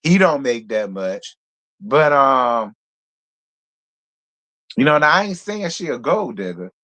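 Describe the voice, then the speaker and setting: Male gossip host, mid-pitched, sassy and slangy, just woke up and sounds a little groggy. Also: very animated, slow pace, bright, forceful tone. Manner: sassy, greets viewers by name, slangy. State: groggy from a nap. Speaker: celebrity gossip channel host. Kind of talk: casual livestream chat.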